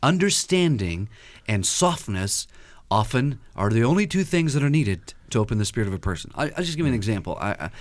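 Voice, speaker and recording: Lively man telling stories on a radio talk show. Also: mid-range voice, fairly quick, no room sound. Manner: animated storyteller who acts out quotes. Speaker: guest counselor.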